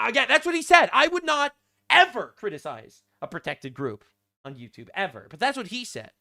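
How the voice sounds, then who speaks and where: High, animated sarcastic male commentator. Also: a little fast, gravelly. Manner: mocking, deadpan sarcasm with frequent fillers. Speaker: commentary channel host.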